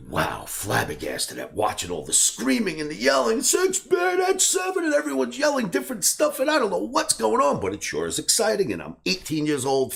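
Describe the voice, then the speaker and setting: With a medium-pitched voice carrying vocal fry, this man in his sixties, a trading educator, animatedly recounts a personal story. When he acts out scenes, he breaks into shouts.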